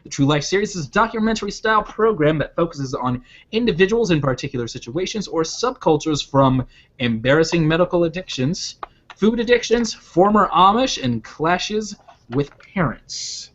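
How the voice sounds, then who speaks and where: Male podcast host, teasing and casual, reading news, slightly high voice, lo-fi sound. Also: lively intonation, normal speed, fairly bright tone, a little hiss or hum.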